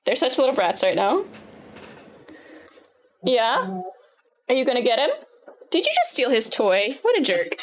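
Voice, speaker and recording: A woman in her thirties chatting casually on a live stream as she works, often turning to coo at her dogs in a higher, sing-song voice. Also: sing-song, measured pace, long pauses, noisy background. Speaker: livestreamer building a keyboard.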